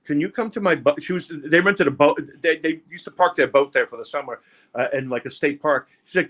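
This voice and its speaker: An older man, telling his life story haltingly in an interview, often repeating words. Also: on the high side, expressive, fairly bright tone. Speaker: interview guest, music producer. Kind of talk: candid personal storytelling.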